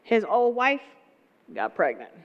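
A woman preaching a sermon, telling the story in a lively way with folksy asides. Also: fairly high pitch, takes it slowly, in a large hall, lo-fi sound.

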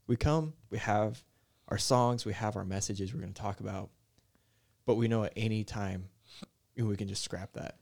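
A young man, a worship leader, talking in a soft, mellow, easygoing way in a casual podcast chat, with lots of "like" and "you know". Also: on the low side, moderate pace, creaky. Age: young adult. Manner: soft-spoken, mellow, filler-heavy.

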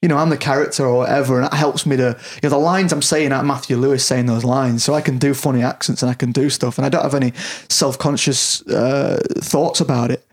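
A man's voice: mid-range voice, steady tone, brisk, few pauses. A man in casual conversation, candid and self-deprecating, swearing freely and restarting his sentences often. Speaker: podcast guest. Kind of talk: casual chat.

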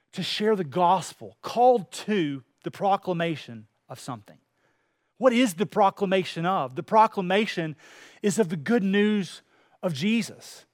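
Male preacher, high voice, impassioned sermon delivery, dry close mic. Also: no room sound. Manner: preaching with rising intensity, acting out quoted voices.

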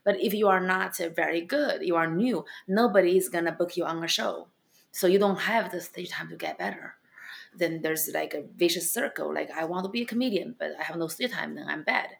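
A woman stand-up comedian and club owner with a non-native accent, answering interview questions bluntly and with animated storytelling. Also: lowish voice, brisk, vocal fry. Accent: non-native English accent.

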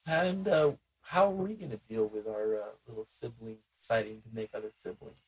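A man's voice: fairly low pitch, brisk, husky, rough recording. A man in casual conversation who asks a lot of curious questions and laughs easily.

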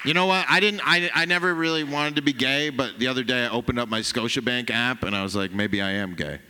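Brash stand-up comic in a reverberant club. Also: male voice, medium pitch, steady tone, fast, bright, forceful tone, a little hiss or hum. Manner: brash, profane, teasing the audience. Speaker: stand-up comedian. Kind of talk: stand-up set with crowd work. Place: comedy club stage.

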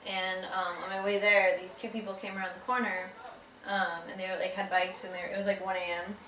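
A woman's voice: mid-range voice, a little fast. Giggly woman telling a story, echoey room. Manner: giggly, animated, filler-heavy. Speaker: podcast co-host. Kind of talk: casual storytelling. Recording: echoey room, distant mic, faint noise.

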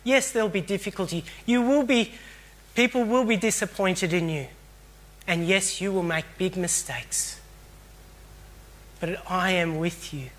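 A man voicing Jesus as a gentle, reassuring speaker who chides tenderly and speaks at an unhurried pace. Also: high voice.

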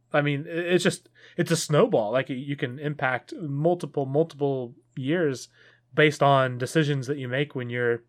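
A man in his early thirties co-hosting a casual podcast, rambling and correcting himself, with frequent laughs. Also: medium pitch. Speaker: podcast co-host.

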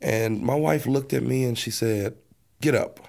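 A man's voice: mid-range voice, normal speed, creaky, darkish tone. A man, a pastor, earnestly telling his personal testimony in an interview. He often repeats words as he restarts a thought.

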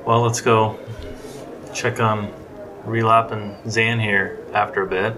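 A man's voice: on the low side, level tone, slow pace, bright, forceful tone, slight background noise. A man chatting casually as a player in a tabletop game, with lots of fillers.

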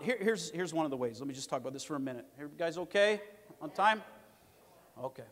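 A fairly high-voiced man preaching to a congregation, hammering home words by repeating them. He swings from forceful, loud declarations to quieter asides. His voice rings with a long church reverb. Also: animated, quick pace. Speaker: pastor. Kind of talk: sermon.

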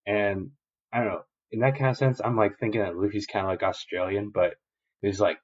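On a dull, lo-fi recording, a male podcast co-host recaps an episode in a rambling, profane way packed with fillers. His husky voice sits on the low side, with a steady tone and a fairly quick pace.

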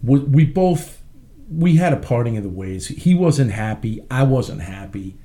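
A man's voice: medium pitch, big pitch swings, a little slow, mellow. A man being interviewed as a musician, talking in a brash, rambling, profane way. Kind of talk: casual interview chat.

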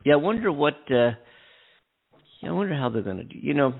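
A man's voice: on the high side, sing-song, fairly quick, gravelly. A man co-hosting a casual call-in talk show, rambling with many restarts and fillers. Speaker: co-host. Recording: phone line.

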